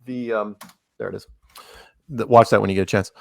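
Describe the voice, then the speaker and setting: A man's voice: lowish voice, fairly even intonation, fairly quick, vocal fry, dry recording, clean studio sound. Rambling, sarcastic man on a call. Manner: rambling, many restarts, sarcastic asides. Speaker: podcast guest. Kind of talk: casual chat.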